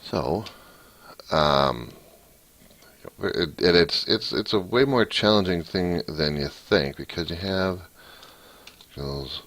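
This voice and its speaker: A man with an extremely low, gravelly voice talks through code in a casual walkthrough. He speaks slowly and thinks aloud, reading out each line as he types. He rambles and restarts often. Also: lively intonation, a bit bright. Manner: thinks aloud, reads code out while typing. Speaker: hobbyist programmer.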